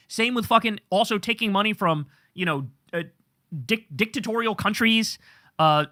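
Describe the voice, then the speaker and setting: A man rants through heated political commentary, swearing and mocking as he goes. His voice runs high and bright. The sound is close and dry. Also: no echo. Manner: angry, profane, sarcastic ranting.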